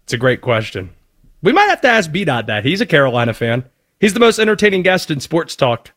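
A man hosting sports talk radio, emphatic and punchy, slowing down to stress key points. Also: on the high side, big pitch swings, a bit bright.

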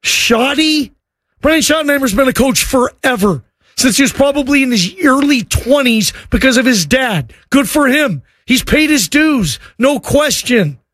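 A man's voice: very high-pitched, expressive, unhurried, fairly bright tone, dry recording, studio quality. A man hosting a sports talk show, arguing emphatically and often repeating words. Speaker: sports radio host. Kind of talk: sports talk radio rant.

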